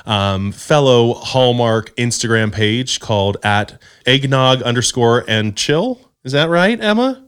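A man co-hosting a podcast, telling stories in an animated, emphatic way. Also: mid-range voice, unhurried, hardly any pauses, clear, resonant tone. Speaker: podcast co-host. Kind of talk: casual chat.

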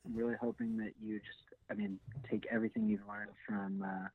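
A man's voice: on the low side, little pitch movement, brisk, no echo. A man co-hosting a casual sports podcast, hesitant with many fillers and restarts. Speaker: podcast co-host. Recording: tinny phone-like sound.

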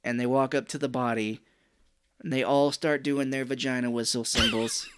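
A man's voice: medium pitch, steady tone, normal speed, noisy background. A man co-hosting a podcast, recapping a movie in casual chat with jokes and mocking impressions. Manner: jokey, slips into mocking impressions. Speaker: podcast co-host.

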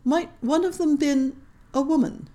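A woman's voice: high voice, measured pace, warm tone, voice pushed up. Woman reading as a sly, probing male steward. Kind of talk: audiobook reading.

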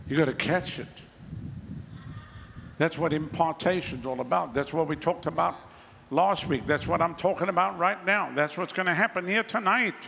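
A man's voice: a little high, moderate pace, creaky, pushed and bright, in a large hall, a little hiss or hum. A man preaching a sermon as pastor, talking to the congregation in a casual, wry way with mocking asides.

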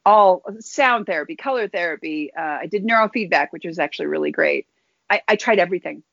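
A woman guest telling a personal story in an earnest, halting way, often restarting her phrases. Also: on the low side, gravelly, fairly bright tone, no echo. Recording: dull lo-fi dry recording.

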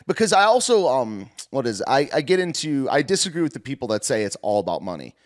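A man's voice: medium pitch, quick pace. A man hosting a casual political chat, rambling and slangy, with playful outbursts. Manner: animated, rambling, slangy ("dude"), breaks into playful squeals.

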